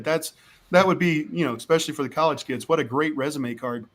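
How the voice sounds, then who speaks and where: A man's voice: fairly high pitch, fairly quick. A man hosting a casual tech show, asking questions eagerly. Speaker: show host.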